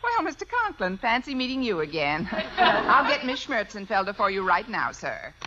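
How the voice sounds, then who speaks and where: Sarcastic woman schoolteacher, dry wit, animated pitch, 1950s radio, dull hissy broadcast. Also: moderate pace. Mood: wry. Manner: dry, wisecracking. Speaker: English teacher. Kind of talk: 1950s radio sitcom acting. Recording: dull old radio broadcast, loud hiss.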